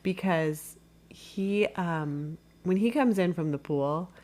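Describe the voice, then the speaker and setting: Podcast co-host, woman, lowish voice, chatty rambling recap style. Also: slow, a little mellow. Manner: rambling plot recap full of "like". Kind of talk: casual film-review chat.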